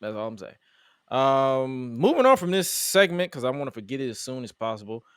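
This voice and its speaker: A man's voice: medium pitch, very animated, a little fast, a bit bright, clear, resonant tone, no room sound, studio quality. A man hosting a casual wrestling review podcast, talking animatedly and acting out exasperated quotes. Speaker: podcast host.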